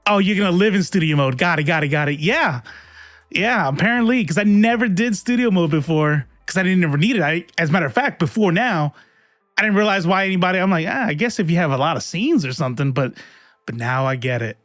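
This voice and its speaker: A man's voice: high-pitched, expressive, brisk, fairly bright tone, no echo, clean studio sound, faint music behind. A young adult man hosting a casual livestream, chatty and laughing as he fumbles with his stream settings and swears now and then. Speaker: livestream host.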